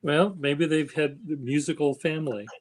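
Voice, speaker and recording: A man hosting a casual stream chat, speaking slowly and haltingly in a flat, even tone. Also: fairly high pitch, low-quality recording. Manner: slow, halting, self-described monotone. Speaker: stream host.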